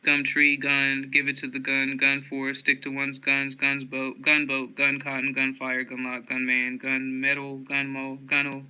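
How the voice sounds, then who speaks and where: Guy reading dictionary words one by one, super bright clear voice, real flat. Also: mid-range voice, poor audio. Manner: slow, flat, one word after another. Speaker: dictionary reader. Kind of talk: reading a word list aloud.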